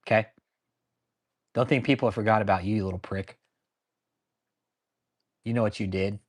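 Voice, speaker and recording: A man hosting his own channel, ranting angrily and swearing nonstop, pausing to answer viewers in the live chat. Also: on the low side, fairly even intonation. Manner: angry, swears constantly. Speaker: channel host. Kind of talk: profane ranting commentary with live chat replies.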